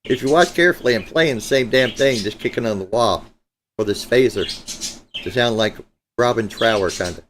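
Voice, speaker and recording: A man in a middle-pitched voice, chatting loosely on a guitar live stream. His talk is joking and a bit profane. Faint noise sits under the streaming mic. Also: moderate pace, a bit bright. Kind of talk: casual live-stream chat. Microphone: streaming setup mic.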